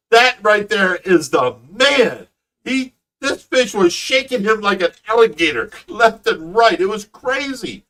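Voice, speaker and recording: Animated middle-aged man telling stories. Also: sits high, slow pace, distant mic. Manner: animated storyteller, laughs often. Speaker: fish rescue owner and host. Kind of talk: casual livestream chat.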